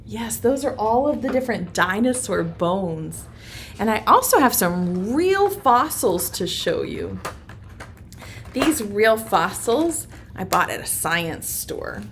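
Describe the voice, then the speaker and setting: A woman teaching a virtual preschool circle time, speaking in a slow, sing-song, encouraging way to young children. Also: mid-range voice, very animated, fairly bright tone, a little hiss or hum.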